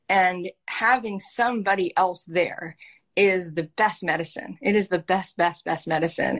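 A woman coach speaks with open, earnest feeling, her storytelling animated and heartfelt. Her voice sits in an ordinary middle register, and she talks in a casual, conversational way. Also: medium pitch. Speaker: life coach and host.

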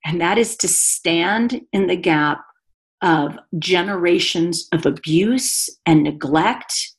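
With a fairly low voice and a slow pace, an adult woman who is a mother shares an earnest, emotional personal testimony about her life as a guest in conversation.

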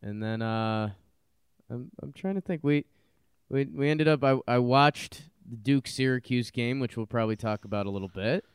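In studio-quality audio with no room sound, a podcast co-host chats casually, wandering off track and restarting often amid many fillers. He has a clear, resonant, mid-range voice at a moderate pace.

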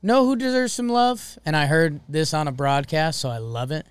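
A man co-hosting a sports podcast in casual, excitable chat. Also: fairly high pitch, normal speed, smooth, no echo. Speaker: podcast co-host.

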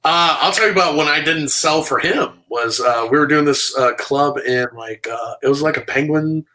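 Man, bright voice, rambling storyteller, comedian guest, video call from home. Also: on the high side, normal speed, poor audio. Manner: animated, filler-heavy storytelling. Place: home room.

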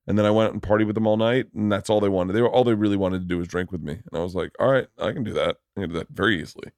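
A male comedian hosting a podcast, chatting casually and telling profane stories with a laugh, sometimes dropping low and soft. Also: rapid-fire, dry recording, studio quality. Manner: laughing, profane storyteller who drops low and soft at times.

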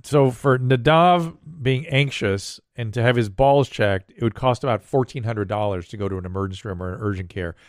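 A man's voice: medium pitch, a little fast, few pauses, no room sound, clean studio sound. An older man hosting a casual podcast, a doctor who explains medical points plainly while answering listener questions.

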